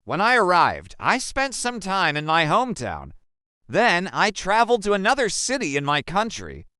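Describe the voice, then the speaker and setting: A young man from Africa narrating a personal story in the first person, slow and emphatic. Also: sits high, wildly swooping pitch, sharp tone, clear, resonant tone, no echo, clean studio sound. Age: young adult.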